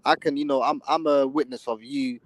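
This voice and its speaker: A man on an online panel debate who tries to calm the others down, speaking in a soft, measured way. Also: mid-range voice, no echo. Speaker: panel guest.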